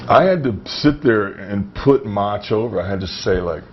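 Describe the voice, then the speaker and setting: Gravelly low-voiced man telling stories. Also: lively intonation, moderate pace. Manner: rambling, full of restarts and "you know". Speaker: wrestler guest. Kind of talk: casual storytelling. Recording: dull, slightly noisy recording.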